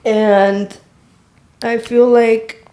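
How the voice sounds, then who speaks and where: A woman who is a guest on a casual podcast, speaking in a soft, reflective and emotional way. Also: fairly high pitch, level tone, drawn-out words. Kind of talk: heartfelt casual chat.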